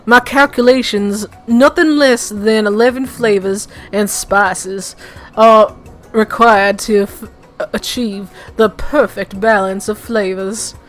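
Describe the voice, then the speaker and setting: A woman's voice: mid-range voice, steady tone, takes it slowly, faint music behind, natural voice. A woman putting on a Southern colonel. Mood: proud. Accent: put-on American Southern. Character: old Southern gentleman fried-chicken colonel.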